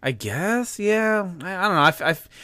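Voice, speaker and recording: A man's voice: high voice, big pitch swings, fairly quick, bright, forceful tone, no echo, clean studio sound. A man co-hosting a podcast about a movie, who laughs often and answers his partner with short agreeing words. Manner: laughs often and backs up the other speaker with short replies. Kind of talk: casual movie discussion.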